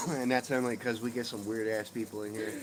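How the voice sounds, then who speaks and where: Heavy background noise surrounds a middle-aged man as he live streams from his home porch, swapping profane jokes and casual chat with viewers. His medium-pitched voice has fairly even intonation at a moderate pace.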